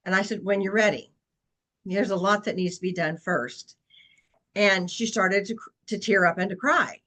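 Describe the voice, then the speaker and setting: A woman's voice: medium pitch, moderate pace, pushed and bright, poor audio. A woman real estate agent presenting a webinar session, telling a long client story in an earnest, anecdotal way with frequent fillers.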